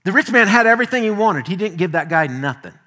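A man delivers a sermon as pastor in a slightly high, bright and forceful voice. He preaches in a folksy, animated way and slips easily into homely personal stories. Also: fast talker.

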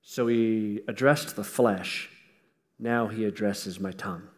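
A man's voice: on the low side, fairly even intonation, slow, in a large hall. Folksy man preaching with emphasis. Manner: emphatic, swings between loud and hushed; folksy, with humor. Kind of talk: sermon.

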